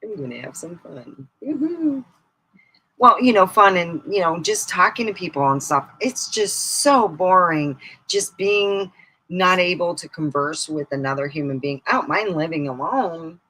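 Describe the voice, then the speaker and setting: Slow-talking bright-voiced woman streamer. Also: on the low side, animated, slightly rough, rough recording. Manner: chatty, laughs loudly, shrieks at punchlines. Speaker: comedy streamer. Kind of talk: casual rambling live-stream chat.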